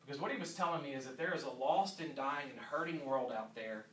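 A man's voice: medium pitch, fairly quick, a bit bright, distant mic. A man in his thirties, a pastor delivering an earnest sermon and repeating key lines for emphasis. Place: church sanctuary. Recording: echoey church room, voice from off-mic.

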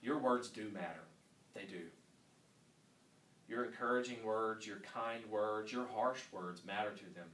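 A man in his thirties, a youth pastor giving an earnest teaching talk to youth workers, swinging from quiet stretches to loud emphasis. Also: fairly low pitch, measured pace, pauses often. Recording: roomy sound from a distant mic with faint ambience.

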